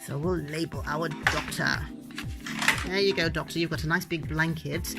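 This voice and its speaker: A woman's voice: sits low, fairly even intonation, moderate pace, over loud music. A young adult woman, a mother playfully teaching her child words with toys, sing-song and making animal sounds. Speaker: parent teaching Shona words.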